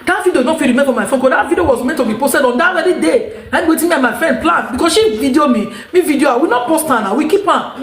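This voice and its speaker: A woman's voice: sits high, expressive, quick pace. Emphatic Nigerian woman in an echoey room. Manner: emphatic, rambling, repeats herself. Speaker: vlogger. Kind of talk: unscripted monologue to viewers.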